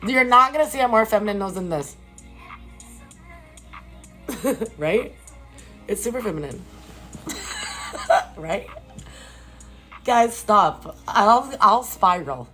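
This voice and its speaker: A woman chats with her stream viewers from a hotel room, her voice bright and full of lively ups and downs. She rants in a casual, profane, disbelieving way. Faint music plays in the background. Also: medium pitch, slow, pauses often. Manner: animated, profane, incredulous rants to chat. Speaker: live streamer chatting with viewers. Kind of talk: casual chat.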